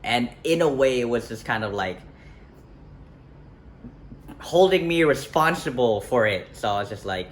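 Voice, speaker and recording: A man's voice: mid-range voice, lively intonation, unhurried, pauses often. A young man telling a personal story in a casual vlog, rambling and correcting himself with lots of fillers. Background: faint street ambience, passing traffic.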